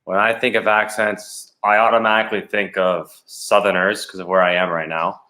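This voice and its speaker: Low-voiced chatty man from Canada. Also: flat delivery, normal speed, sharp tone. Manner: chatty storyteller, laughs often. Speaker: guest, hockey goalie. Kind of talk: casual podcast chat.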